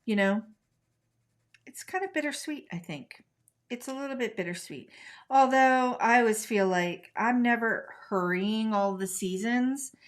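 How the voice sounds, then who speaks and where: A woman's voice: fairly high pitch, unhurried. Middle-aged American woman hosting a live craft stream, friendly running commentary while she works. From United States. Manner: chatty, talks to viewers while coloring. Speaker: craft tutorial host.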